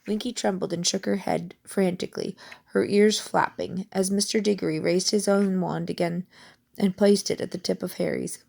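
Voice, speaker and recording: A woman reading a novel aloud with steady storytelling. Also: fairly low pitch, moderate pace, vocal fry. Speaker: audiobook reader.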